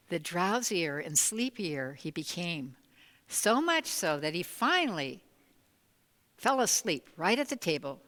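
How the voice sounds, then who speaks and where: A woman minister telling a story during a sermon in a church sanctuary, in a lively and expressive way. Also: on the low side. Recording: long reverb of a large hall.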